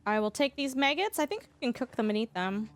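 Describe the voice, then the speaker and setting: A woman's voice: a little high, lively intonation, quick pace, a little hiss or hum. A woman from Canada chatting casually with her viewers while she plays a game live, laughing often between remarks. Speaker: livestreamer.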